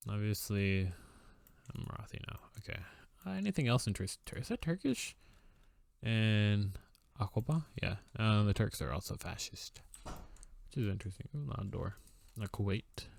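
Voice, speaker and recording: A man's voice: on the low side, vocal fry, dry recording, studio quality. A young man casually commenting on his strategy game, musing aloud with fillers and wry asides.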